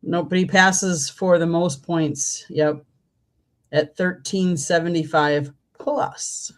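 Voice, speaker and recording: A co-host on a casual sports talk stream, giving short agreeing replies and quick bursts of opinion. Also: medium pitch, fairly even intonation.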